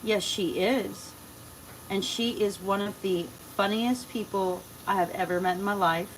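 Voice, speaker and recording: A woman's voice: mid-range voice, a little hiss or hum. A woman hosting a casual livestream, folksy and chatty, talking to her animals and her viewers. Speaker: livestream host.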